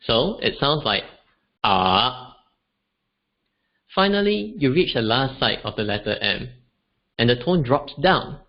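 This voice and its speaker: Expressive and mid-range at normal speed, this Singaporean man voices tones aloud for beginners in an online language webinar. The audio is dull and lo-fi.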